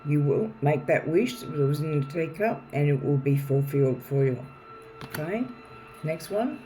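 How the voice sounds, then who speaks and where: A fairly high-voiced man with a mellow, soft tone gives a rambling, chatty tarot reading and calls the viewer darling. He is recording at home, with faint drilling and household noise in the background. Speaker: tarot reader. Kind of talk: casual tarot card reading to camera. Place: home, with a noisy neighbour drilling nearby.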